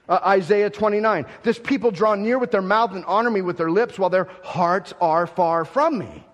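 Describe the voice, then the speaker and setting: A man preaching a sermon, swinging between loud emphatic declarations and soft gentle murmuring, often repeating words as he restarts. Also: high voice. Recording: long hall reverb.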